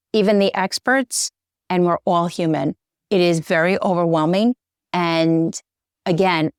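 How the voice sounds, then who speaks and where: A woman's voice: on the low side, clear, resonant tone, no room sound, clean studio sound. Earnest, choked-up middle-aged woman guest. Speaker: interview guest, divorce journalist. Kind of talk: conversational interview.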